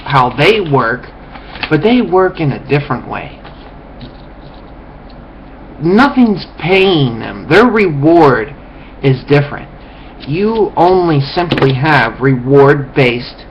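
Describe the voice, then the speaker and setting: A man's voice: mid-range voice, animated, slow, long pauses, lo-fi sound. A man rants to camera in an ordinary mid-range voice, swearing freely and lecturing with open contempt. A faint hiss sits under his voice throughout. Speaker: vlogger. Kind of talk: ranting monologue to camera.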